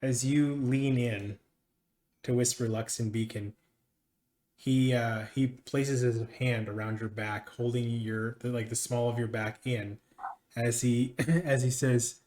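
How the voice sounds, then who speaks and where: A man's voice: medium pitch, fairly even intonation, slow pace, a little mellow. A man narrating a tabletop game as game master, describing what characters do. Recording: echoey room.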